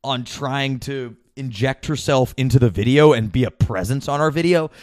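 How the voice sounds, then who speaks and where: A man's voice: medium pitch, normal speed, darkish tone, no room sound, studio quality. A man hosting a podcast in casual chat, rambling with many fillers, restarts and the odd swear word. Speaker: podcast host.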